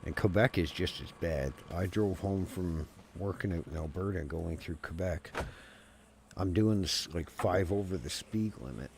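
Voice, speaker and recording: Guy streamer, deep voice, chatty and profane, folksy rambling rants. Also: normal speed, darkish tone, slight background noise. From Canada. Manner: rambling, swears freely, folksy ranting. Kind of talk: casual chat while gaming.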